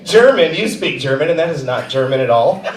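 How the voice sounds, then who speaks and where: Brief: thirties male stand-up, self-mocking, lively pitch, echoey theater from afar. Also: brisk. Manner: self-mocking, drops to quiet asides. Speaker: stand-up comedian. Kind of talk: stand-up comedy set. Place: comedy theater stage. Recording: echoey theater, far from mic.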